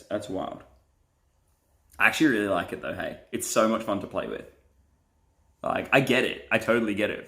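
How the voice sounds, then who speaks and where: A man's voice: on the low side, a bit bright. A young man, a pastor and live streamer, chatting casually and playfully as he reads viewer comments and laughs often.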